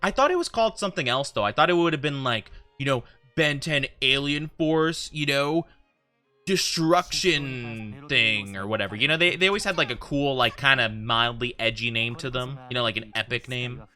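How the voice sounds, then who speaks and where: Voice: mid-range voice, animated, moderate pace, bright, forceful tone, soft background music. A VTuber streamer in rambling casual chat with viewers during a game stream.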